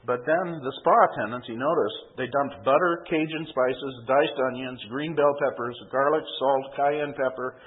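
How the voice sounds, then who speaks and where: A man's voice: medium pitch, moderate pace, hardly any pauses, slightly rough. A man preaching a sermon, telling an illustration story and often adding a checking "okay?". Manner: storytelling with frequent tag "okay?". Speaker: pastor. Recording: tinny phone-like sound.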